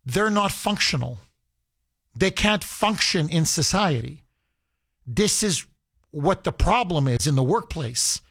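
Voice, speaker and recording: Male radio host with a high-set voice; combative, emphatic monologue with lots of restarts, taken dry off a studio mic. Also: fairly bright tone, dry recording. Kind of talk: opinionated talk radio monologue. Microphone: studio microphone.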